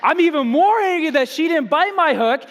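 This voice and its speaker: A man with a high voice preaches a sermon through humorous, self-mocking stories and acts out the people in them. His delivery is animated. The sound carries a long reverb from the hall. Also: normal speed, a faint crowd. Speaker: pastor.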